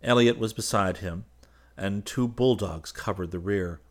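A man reading a classic novel aloud in measured, even audiobook narration. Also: on the low side.

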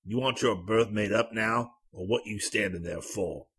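A man voicing a dismissive male train porter who answers flatly and brusquely, a bit lower and quieter than the narration. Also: normal speed, breathy edge. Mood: curt, dismissive.

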